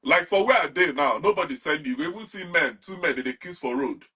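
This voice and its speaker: Husky Nigerian man, animated interview guest. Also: fairly high pitch, fast. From Nigeria, Anambra. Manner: animated, mixes Pidgin and English. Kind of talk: casual interview talk.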